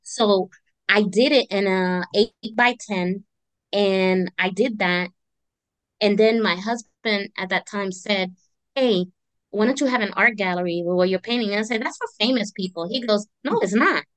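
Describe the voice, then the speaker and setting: Medium in pitch and unhurried, this woman's voice is captured without echo. She's a middle-aged artist and army veteran being interviewed, and she tells her story with energy, acting out the other voices in it.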